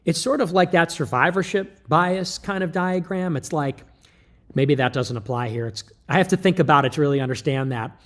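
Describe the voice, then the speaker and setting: A man giving a rambling livestream monologue, breaking off mid-thought and starting again with quick asides. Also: a little high. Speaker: political streamer.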